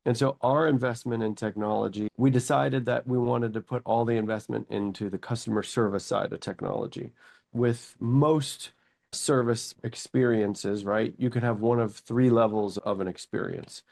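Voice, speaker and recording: A man in his forties, a company chief executive, telling his story in a casual interview with lively anecdotes and quoted thoughts. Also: medium pitch, moderate pace, creaky. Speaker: company CEO, guest.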